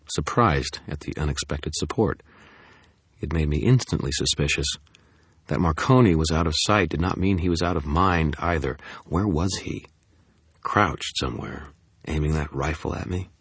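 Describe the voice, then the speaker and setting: A man reads a first-person audiobook in a wry, tense storytelling manner. His voice is extremely low with a husky grain. The recording is close and dry. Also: normal speed, no echo. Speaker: audiobook narrator.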